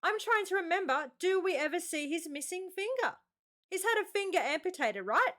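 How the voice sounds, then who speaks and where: An excitable Australian woman hosting a reaction video, chatting casually and exclaiming often. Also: extremely high pitch, normal speed.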